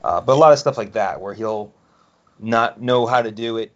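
A man co-hosting a podcast, chatting casually in a halting, loosely phrased way. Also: fairly low pitch. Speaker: podcast co-host. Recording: dull lo-fi sound.

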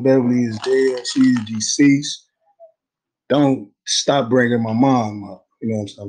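A man's voice: on the low side, darkish tone, breathy edge, poor audio. A young man telling a story in a casual interview, slangy and rambling, laughing easily. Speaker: guest telling his story.

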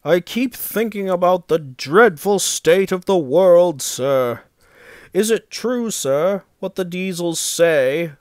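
A man's voice: sits high, lively intonation, slow pace, a little mellow, no room sound, clean studio sound, voice pushed up. A man doing a pompous, huffy big steam engine. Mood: gloomy. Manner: haughty, huffy and sulky.

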